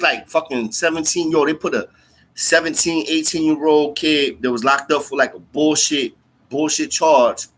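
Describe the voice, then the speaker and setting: A man's voice: medium pitch, sharp tone. A man telling a story in casual, slangy speech full of fillers and profanity. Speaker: storyteller recounting jail time.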